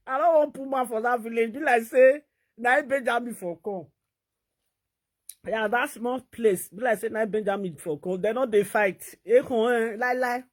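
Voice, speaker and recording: A woman with a Nigerian Pidgin accent, talking in an animated, laughing vlog commentary. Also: a little high. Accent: Nigerian Pidgin English. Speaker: vlogger.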